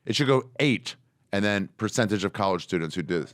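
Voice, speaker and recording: Low-voiced man riffing, dry close mic. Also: a little fast, dry recording. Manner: lively pitch, deadpan riffs with sudden jumps up. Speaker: podcast guest, comedian. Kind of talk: casual comedic chat.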